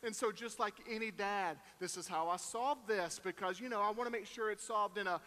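High-voiced folksy male preacher, echoey hall. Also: fairly quick, bright, forceful tone. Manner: folksy, self-deprecating storyteller with fillers and voiced quotes. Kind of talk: storytelling sermon.

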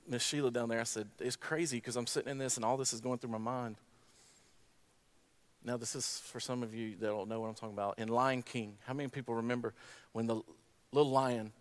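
Man preaching a fervent graduation sermon. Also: mid-range voice. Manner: storytelling, climbs to impassioned exhortation. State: tearful at times. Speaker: speaker at a graduation service. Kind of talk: sermon with closing prayer.

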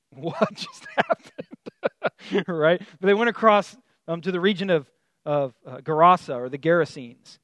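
A man preaching a sermon in a conversational, animated storytelling way, with many fillers and restarts. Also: sits high, dry recording. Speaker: pastor.

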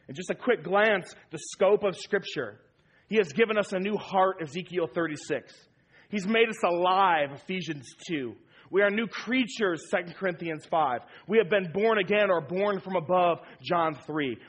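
Emphatic husky male pastor preaching. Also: high voice. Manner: emphatic preaching, repeating key phrases. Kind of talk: sermon.

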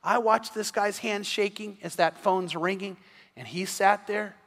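A man's voice: high-pitched, measured pace, fairly bright tone. A man preaching an evening sermon, telling stories earnestly and often restarting his sentences. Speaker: pastor. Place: church sanctuary. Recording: long reverb of a church hall.

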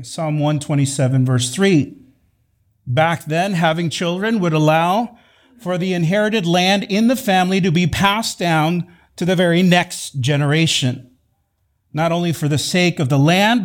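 A man preaching a sermon in a measured, emphatic way, repeating key phrases for weight. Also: on the high side. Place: church sanctuary.

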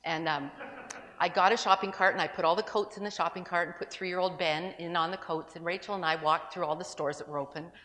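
A woman's voice: fairly low pitch, fairly even intonation, fairly quick, fairly bright tone, in a large hall. A woman speaking to a gathering, telling a personal story in a conversational, sermon-like way with asides and restarts. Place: large room with an audience.

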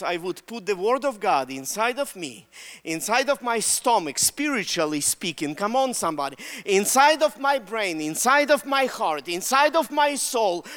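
A man's voice: very high-pitched, long reverb tail. A man with a Russian accent preaching a sermon with energy and calling on the congregation to answer him. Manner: energetic, calls out to the congregation for responses.

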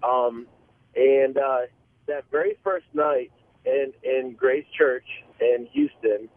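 Male caller on a phone line, earnest and halting, tinny phone sound. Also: mid-range voice, expressive, dry recording. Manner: earnest, halting storyteller with many restarts. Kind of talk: call-in testimony.

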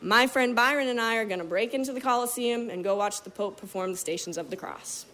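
A woman telling a story on a stage, animated and vivid, switching voices to act out scenes. Her voice sits a little high, and she tells it with a performer's sense of timing. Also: a little fast, a little hiss or hum. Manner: animated, vivid, acts out other people's lines.

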